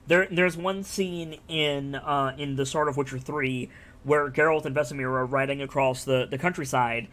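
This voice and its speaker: A man's voice: mid-range voice, steady tone, normal speed, fairly bright tone. A man streaming live, talking casually and enthusiastically about a game, rambling and swearing freely. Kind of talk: casual chat.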